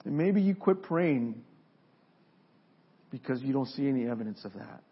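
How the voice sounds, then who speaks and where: Husky-voiced preacher with dramatic pauses. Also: male voice, medium pitch, animated. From Mexico. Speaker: pastor. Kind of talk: sermon. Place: church sanctuary. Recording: dull lo-fi sermon recording.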